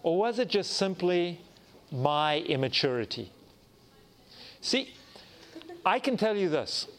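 A man delivering a sermon as a story. His slightly high voice swings widely as he acts out both sides of a conversation, poking fun at himself. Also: takes it slowly. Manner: animated storyteller, acting out dialogue, self-mocking. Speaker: pastor.

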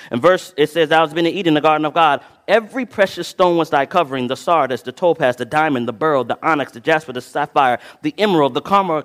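A preacher delivering a sermon who reads scripture with dramatic swells and drops in volume and keeps asking the congregation to fill in the next word. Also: male voice, a little high. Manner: asks the congregation to fill in words, then answers himself. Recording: long reverb of a large hall.

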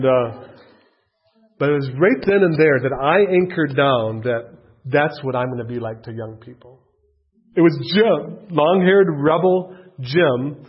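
A middle-aged man telling a personal faith story in a rambling, animated way, with many restarts. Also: fairly high pitch, breathy edge. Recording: dull lo-fi recording.

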